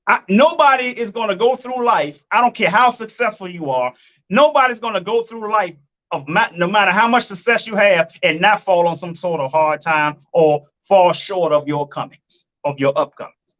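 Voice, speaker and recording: A man's voice: sits high, normal speed, pushed and bright, muffled recording. A man giving blunt, profane relationship commentary, repeating his points and calling his listeners folks and family.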